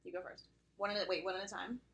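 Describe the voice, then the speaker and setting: A woman's voice: mid-range voice, steady tone, rapid-fire, a bit bright. A young woman running coach co-hosting a podcast, joking about herself in playful, giggly casual chat. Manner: playful, self-teasing, giggly.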